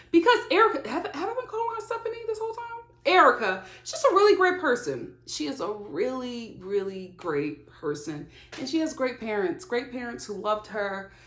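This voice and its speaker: A woman giving a casual, animated recap of a reality TV episode, laughing often and talking back to the screen. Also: mid-range voice. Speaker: TV show reviewer. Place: home filming setup. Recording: echoey room.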